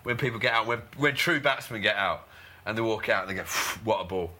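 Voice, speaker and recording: A man's voice: mid-range voice, pushed and bright. A man co-hosting a podcast, chatting casually and telling stories with plenty of laughs. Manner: laughs often, quick anecdotes with mimicked quotes. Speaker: podcast co-host, former cricketer.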